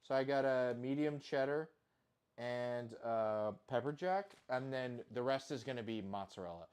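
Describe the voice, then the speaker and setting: A man's voice: mid-range voice, moderate pace, a little mellow, clean tone. Home-cook vlogger, male, loose and self-deprecating, casual profanity. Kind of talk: casual kitchen chat.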